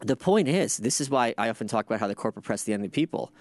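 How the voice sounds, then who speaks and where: A man hosting a podcast, ranting in casual commentary with sardonic, profane asides and animated outbursts. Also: mid-range voice, racing, no echo. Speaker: podcast host.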